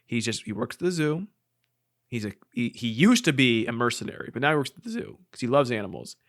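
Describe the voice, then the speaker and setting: Male podcast co-host, mid pitch, quick jokey asides. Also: lively intonation, a bit bright. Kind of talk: casual podcast banter.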